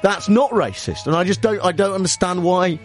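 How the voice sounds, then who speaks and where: Radio host, man, slightly high voice, rambling and full of fillers, faint music behind. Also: fairly quick. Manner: rambling, hesitant. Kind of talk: radio chat show.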